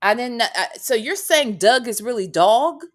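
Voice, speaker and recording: Blunt, profane woman with a high voice. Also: lively intonation, normal speed. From US Midwest. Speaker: podcast host. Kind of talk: casual chat.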